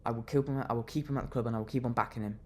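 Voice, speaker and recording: A man's voice: medium pitch, steady tone, very fast, a little hiss or hum. A young man venting his anger in a fan reaction rant, fuming and repeating himself as he vents. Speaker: football fan vlogger.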